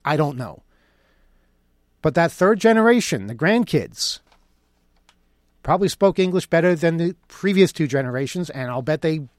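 A man's voice: fairly high pitch, no room sound, studio quality. Sarcastic man delivering a commentary. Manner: sarcastic, mocking. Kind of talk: opinion monologue.

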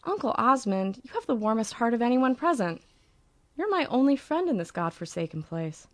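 A woman voicing a sharp-tongued, insecure young bride with a cutting, haughty delivery, pitched above her own voice. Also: big pitch swings, moderate pace, no echo. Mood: haughty, wounded.

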